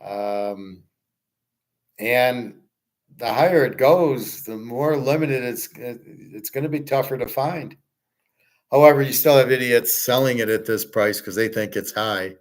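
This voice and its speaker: A man's voice: mid-range voice, measured pace. A man hosting a casual livestream, answering viewers' chat questions in a blunt, opinionated, rambling way.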